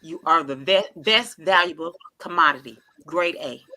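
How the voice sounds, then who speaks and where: Bright-voiced, animated woman host. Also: low voice, moderate pace. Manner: animated, playful storyteller who often acts out the dialogue; chatty and informal, with many interjections. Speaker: channel host. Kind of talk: casual storytelling vlog.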